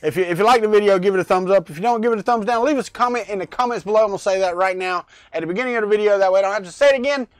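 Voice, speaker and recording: Very fast and with few pauses, a middle-aged livestream host rambles from his home workspace in a high-pitched, clean voice, greeting viewers in the chat by name. The lavalier-mic audio is studio quality with no echo, suiting this casual live-chat vlog.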